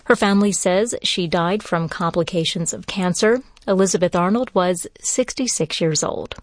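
Low-voiced woman reading the news. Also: no echo. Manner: measured, formal delivery. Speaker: newscaster. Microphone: studio microphone.

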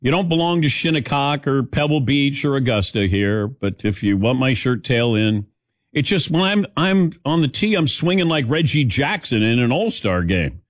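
A man hosting a sports talk show, telling stories in a rambling, animated way and acting out what others said. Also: mid-range voice, moderate pace, dry recording, clean studio sound. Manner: rambling, animated storytelling with mimicked quotes. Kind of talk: casual sports talk chat.

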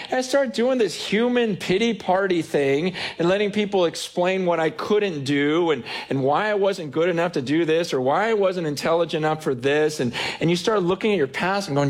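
Pastor, male, fairly high voice, heartfelt sermon delivery with quoted inner dialogue. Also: a little fast. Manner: earnest, self-questioning preaching with acted-out inner voices.

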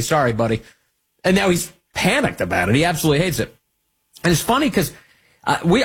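A man hosting a political talk radio show, mocking and animated, sometimes squealing up high to mimic people. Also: breathy edge. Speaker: radio host.

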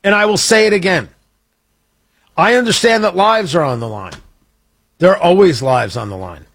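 Brief: male show host, husky and high-pitched, combative, swinging pitch in his political rants. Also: animated, moderate pace, fairly bright tone. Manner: emphatic, combative, ranting. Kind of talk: opinionated political commentary.

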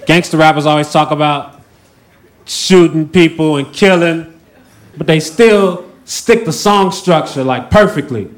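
A man's voice: fairly high pitch, measured pace. A man doing stand-up comedy with a wry, offhand delivery.

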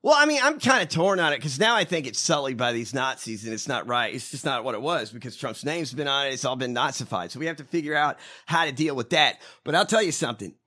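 A man co-hosting a podcast, trading profane political banter, loud and swearing, swinging from shouts to mutters. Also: medium pitch, expressive, quick pace, few pauses. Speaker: podcast co-host.

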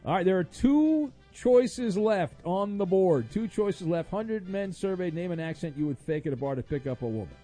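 High-voiced joking radio host. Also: male voice, expressive, normal speed, hardly any pauses, mellow, soft background music. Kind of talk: radio call-in game show.

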